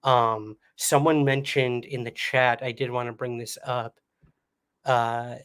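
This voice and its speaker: A man's voice: mid-range voice, flat delivery, takes it slowly, smooth. A male host talking casually on a livestream and reacting to a clip. He speaks straight to his viewers and the chat, and his voice often drops off at the ends of phrases. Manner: chatty, talks to the chat, trails off quietly.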